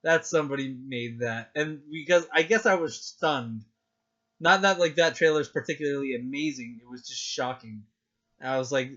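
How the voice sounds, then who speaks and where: A man chatting on a podcast, excitable and gushing, acting out his own reactions as he talks. His voice sits at an ordinary pitch. The recording is dull and lo-fi. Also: normal speed. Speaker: podcast co-host. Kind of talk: casual chat.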